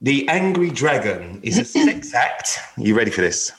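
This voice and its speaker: A man's voice: medium pitch, big pitch swings, moderate pace, a bit bright, slight background noise. A man, co-hosting a podcast with cheeky, sweary banter. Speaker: podcast co-host. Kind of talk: casual chat.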